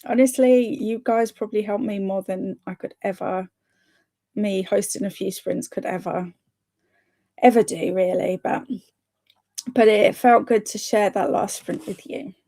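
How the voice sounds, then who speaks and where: Here the reading-sprint streamer has a mellow, mid-range voice with fairly even intonation and an unhurried pace. She chats casually, reads viewer comments aloud, and keeps encouraging people with frequent little laughs.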